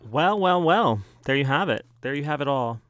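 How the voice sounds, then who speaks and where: A man's voice: fairly high pitch, animated, moderate pace, fairly bright tone, no room sound, studio quality. A young man hosting a fan podcast, talking in a chatty, playful way with little laughs. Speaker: podcast host. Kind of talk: casual podcast monologue.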